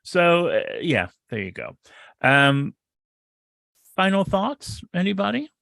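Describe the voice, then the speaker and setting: A man's voice: sits high, sing-song, slow, vocal fry, sharp tone, dry recording. Male podcast co-host, dry close sound, wry and rambling delivery. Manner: sardonic, rambling with repeats. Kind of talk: casual podcast chat.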